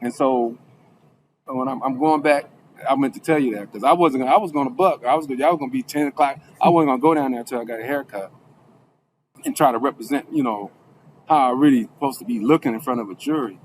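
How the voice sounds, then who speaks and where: A man from Alabama, a former defendant, tells a rambling personal story in casual speech. He restarts often and acts out quoted people in a raised voice. His voice is mid-range and quick, with slight background noise.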